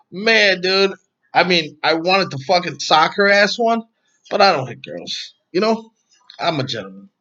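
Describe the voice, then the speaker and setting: A man's voice: sits high, expressive, unhurried, sharp tone, muffled recording. A man hosting his own podcast vlog at home, telling a story in a rambling way with heavy profanity. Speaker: podcast host.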